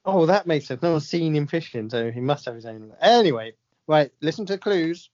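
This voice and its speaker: Woman, low voice, lively, giggly, sweary, slightly dull lo-fi recording. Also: moderate pace. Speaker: podcast co-host. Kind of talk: casual comedic chat.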